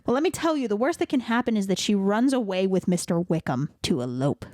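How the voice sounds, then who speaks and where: A woman's voice: mid-range voice, sing-song, fast talker, hardly any pauses, darkish tone, no room sound, clean studio sound. A young woman hosting a podcast, retelling a classic novel in a breezy, playful way, dropping "like" often and briefly mimicking the characters. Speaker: podcast host. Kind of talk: casual comic book retelling.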